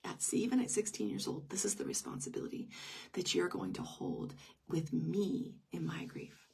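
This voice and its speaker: A woman's voice: lowish voice, very animated, normal speed, creaky, darkish tone, slightly rough, far from the mic. A middle-aged woman telling a personal story in an unscripted live stream, intimate and emotional, often dropping to a whisper. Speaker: grief teacher.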